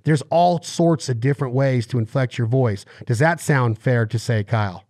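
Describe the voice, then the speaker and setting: A man's voice: mid-range voice, moderate pace, a little mellow, no echo, studio quality. A man hosting a podcast interview, explaining eagerly with analogies and acted-out quotes. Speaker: podcast host.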